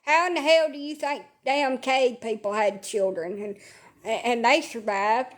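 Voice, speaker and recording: In an unhurried, fairly high voice, she rambles casually on a livestream from her bed at home. She's a social media streamer who swears freely and stays blunt and sarcastic.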